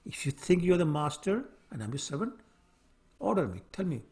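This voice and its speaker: A serene, detached sage, as a male storyteller acts him out, answering with patient explanation. The voice sits fairly high and moves with lively pitch. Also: moderate pace. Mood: calm.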